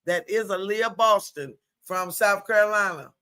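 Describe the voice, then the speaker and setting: A woman streaming live play-by-play commentary in a chatty, colloquial way, exclaiming loudly at good plays. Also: mid-range voice, measured pace.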